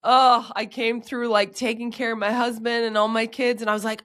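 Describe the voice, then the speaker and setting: A woman hosting a podcast with a hoarse, sick voice, explaining health topics in casual chat. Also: on the high side, level tone, moderate pace, fairly bright tone. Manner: upbeat, explains physiology step by step. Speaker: podcast host.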